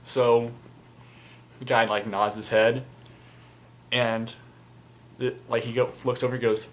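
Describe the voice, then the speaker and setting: A young man, a storyteller and fan video maker, casually recounts a tabletop game, rambling with plenty of fillers and crude slang. His mid-range voice barely moves in pitch, and he speaks slowly with long pauses. A slight hiss or hum is audible.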